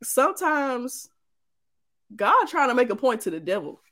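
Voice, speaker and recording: A woman's voice: high-pitched, very animated, measured pace, sharp tone. Young southern woman chatting on a podcast, sassy, voice swings up and down a lot. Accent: Southern American. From Mississippi. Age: 20s. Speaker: podcast co-host. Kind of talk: casual chat.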